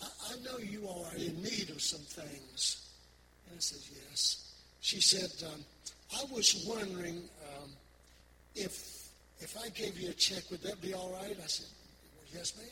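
An older man preaching, folksy storytelling full of repetitions as he tells his testimony to the congregation. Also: high voice. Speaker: pastor. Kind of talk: sermon testimony. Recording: loud background noise.

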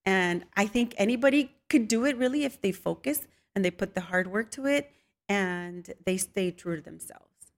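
A woman's voice: mid-range voice, moderate pace. Laughing woman telling family stories. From Mexican family. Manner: laughs often, mixes Spanish phrases, animated storytelling. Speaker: guest, home cook with viral videos. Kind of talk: casual interview chat.

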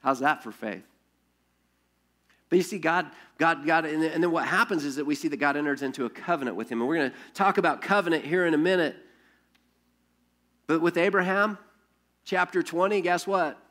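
Animated storytelling pastor, man. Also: a little high, brisk, long pauses. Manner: animated storytelling with frequent restarts and rhetorical questions. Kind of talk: sermon.

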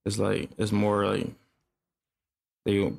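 A young man from upstate New York, a music producer talking in a laid-back, halting way with lots of fillers. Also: lowish voice, monotone, creaky, darkish tone. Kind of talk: casual interview chat.

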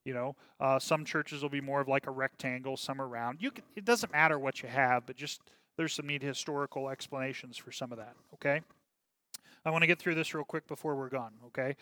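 Bright-voiced man teaching a Bible class. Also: mid-range voice, a little fast, no room sound, clean studio sound. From Minnesota. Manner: conversational, checks in with "okay?" often; many fillers and restarts, reads passages aloud.

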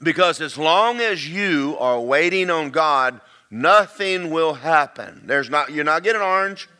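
A man's voice: fairly high pitch, expressive, a little slow, pushed and bright, smooth. A man preaching a sermon, talking to his congregation in a chatty way, telling stories and repeating himself for effect. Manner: conversational preaching with storytelling and repetition. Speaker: pastor.

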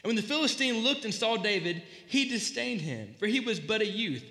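A man giving a casual, animated sermon, joking and acting out quoted lines as he retells a story. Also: sits high, brisk. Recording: echoey hall, voice slightly distant.

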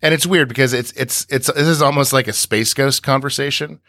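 A man's voice: medium pitch, brisk, sharp tone, dry recording, studio quality. A man co-hosting a podcast, recapping scenes in a rambling way with many restarts. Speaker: podcast co-host. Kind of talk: casual podcast discussion.

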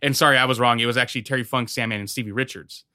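A man's voice: medium pitch, steady tone, racing, sharp tone, no echo, clean studio sound. A man co-hosting a casual podcast chat, joking crudely and rattling off details. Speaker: podcast co-host.

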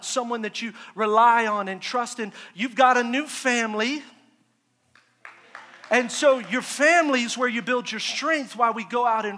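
High, bright-voiced preaching man. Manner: energetic, rhetorical call-and-response. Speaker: pastor. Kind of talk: sermon. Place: large church sanctuary. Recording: echoey church hall.

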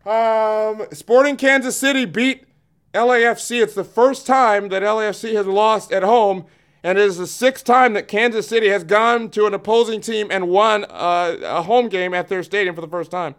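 A man with a high, clean, smooth voice co-hosts a casual sports podcast. He bosses his partner around and reads quick sports facts with dry asides. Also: a bit bright. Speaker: co-host reading sports facts.

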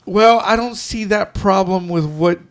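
A man with a high voice and a gravelly edge, talking casually on a podcast. He rambles, stops and restarts, and slips into voices to quote people. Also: measured pace. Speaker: podcast co-host. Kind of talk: casual chat.

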